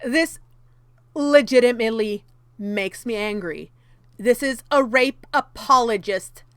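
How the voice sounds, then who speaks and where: A woman's voice: on the high side, slow pace, a bit bright, smooth, no room sound. A woman commentary YouTuber reading from an article and reacting in a heated, exasperated way, with many fillers.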